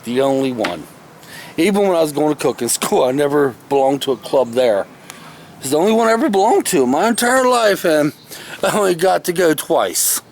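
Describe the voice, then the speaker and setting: A man's voice: on the high side, very animated, fairly quick, creaky. A man telling a story from his past in a rambling, folksy, casual way, recording himself outdoors in the shade of a tree. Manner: rambling, folksy, self-correcting. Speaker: vlogger. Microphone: camera he is handling himself.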